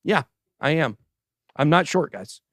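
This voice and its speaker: A man hosting a casual livestream crypto show, giving animated and sarcastic commentary as he chats with a co-host and the live chat. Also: fairly high pitch, a little slow, dry recording, studio quality. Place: show studio stage.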